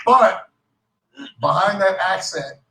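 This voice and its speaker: A man's voice: sits high, slow pace, a little hiss or hum. A man giving a joking, motivational talk to a live audience at a business event. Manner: lively, joking, self-described clown. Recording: echoey hall, voice from a distance.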